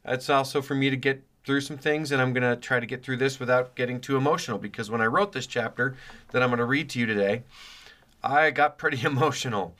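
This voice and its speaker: A man with a bright, forceful voice hosts a podcast from his home office, rambling and joking with plenty of fillers. His voice is still recovering after a chest cold. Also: mid-range voice, quick pace. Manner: jokey and rambling, many fillers. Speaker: podcast host. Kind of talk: casual rambling podcast intro.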